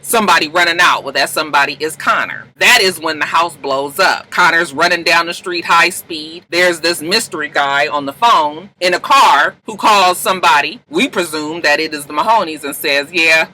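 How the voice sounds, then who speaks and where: A woman recapping a TV episode in a casual, profane, animated way, jumping into high voices to act out the characters. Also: normal speed, few pauses, poor audio. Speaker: TV recap vlogger.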